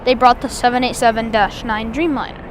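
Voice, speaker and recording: High-voiced woman chatting plane-spotting live. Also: steady tone, fairly quick, a little hiss or hum. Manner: chatty, enthusiastic, rambling with restarts. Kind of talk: live aviation commentary. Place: outdoors at an airport.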